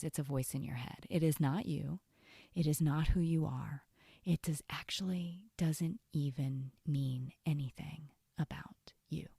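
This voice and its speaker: A woman hosting a self-help podcast, talking earnestly in a casual way and often dropping to a soft whisper. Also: deep voice, vocal fry, no echo, clean studio sound. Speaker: podcast host and coach.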